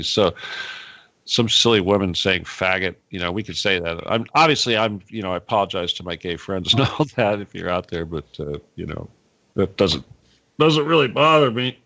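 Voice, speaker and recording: A man hosting a talk radio show, chatting casually and rambling, with frequent laughs and animated asides. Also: deep voice.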